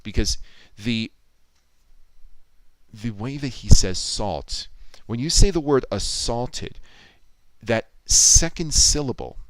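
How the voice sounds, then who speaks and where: A man's voice: mid-range voice, animated, takes it slowly, poor audio. A man chatting casually on a livestream, thinking aloud and reading viewer comments out. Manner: musing, thinks aloud, reads chat comments out. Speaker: livestreamer editing a video.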